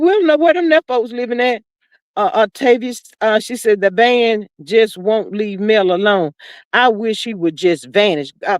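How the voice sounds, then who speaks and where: A woman's voice: a little high, no echo. A woman hosting a livestream, reading chat comments aloud and acting out scenes in a drawling, exclamatory, theatrical way. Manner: theatrical, acts out scenes in first person. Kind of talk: casual gossip commentary.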